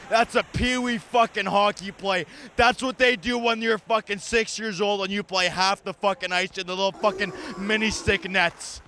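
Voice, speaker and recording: A man in a comedic hockey fan rant, swearing and breaking into shouted outbursts, playing it heartbroken. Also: high-pitched, a little hiss or hum. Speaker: ranting hockey fan host. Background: music.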